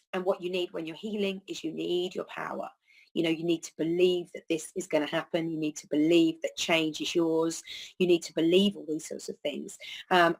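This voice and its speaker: A woman's voice: mid-range voice, poor audio. A woman hosting a wellness talk, speaking earnestly in a loose, rambling way with frequent fillers about words and healing. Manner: earnest, rambling, with many "you know" fillers. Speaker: holistic healer and podcast host. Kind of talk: reflective spoken monologue.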